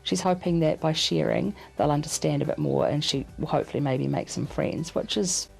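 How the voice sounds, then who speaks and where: Low, gravelly-voiced woman. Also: a little fast, a little mellow, faint music behind, rough recording. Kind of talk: interview comment.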